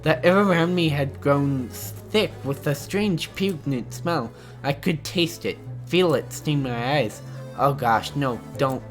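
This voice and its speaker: A gamer reading every line of a visual novel aloud, with excited, stammering reactions between lines. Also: mid-range voice, slow, soft background music. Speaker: let's play gamer.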